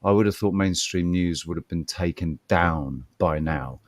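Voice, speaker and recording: A man's voice: sits low, normal speed, no room sound. A man co-hosting a podcast in casual chat, rambling, repeating words and swearing freely. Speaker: podcast co-host.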